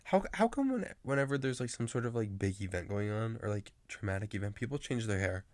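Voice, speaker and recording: A man's voice: lowish voice, expressive, fast talker, a little mellow, no echo. A man in his late teens chatting casually to camera, rambling with lots of fillers and restarts. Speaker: vlogger.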